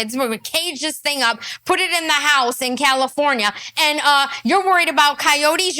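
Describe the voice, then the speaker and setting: High, animated, mocking woman commentator. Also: no echo, studio quality. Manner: mocking, exasperated. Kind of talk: reaction commentary.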